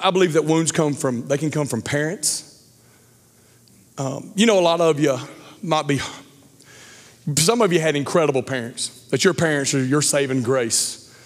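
A middle-aged male pastor preaching a sermon, telling a story with lively acted-out quotes and then speaking to the congregation. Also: fairly high pitch. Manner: animated storyteller, acts out quotes loudly. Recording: long hall reverb.

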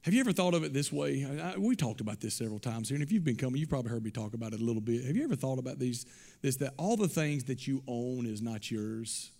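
A man's voice: medium pitch, expressive, fast talker, creaky. A male pastor delivering a sermon in an emphatic, building style. He repeats phrases and restarts lines as he drives each point home. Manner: emphatic, rising to loud exclamations.

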